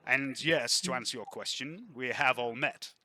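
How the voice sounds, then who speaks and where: A man's voice: medium pitch, normal speed, pushed and bright. A man playing a stiff, formal arms dealer. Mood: reserved formal. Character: polite, reserved male weapons dealer.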